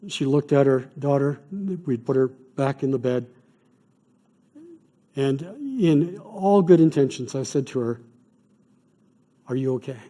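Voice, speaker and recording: Earnest chaplain with a mellow voice. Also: male voice, medium pitch. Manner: earnest, measured, tells stories. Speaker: chaplain teaching a class. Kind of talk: evening lecture on grief care. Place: classroom or church hall.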